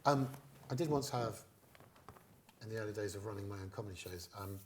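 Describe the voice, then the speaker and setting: A middle-aged man, a guest comedian, telling stage anecdotes in an interview as a lively storyteller who acts out quoted lines. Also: fairly low pitch, brisk, crowd noise.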